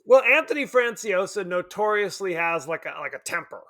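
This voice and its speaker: A man from Palm Springs co-hosting a podcast, chatting casually about a horror film, animated and quick to laugh. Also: high-pitched. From Palm Springs, California. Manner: animated, laughs often, acts out quotes. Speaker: podcast co-host.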